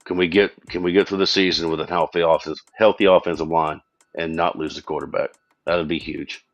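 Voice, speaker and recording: A man's voice: low-pitched, flat delivery, dry recording. A man from Texas guesting on a sports podcast, blunt and joking in casual chat. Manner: blunt, joking, drawn-out complaints.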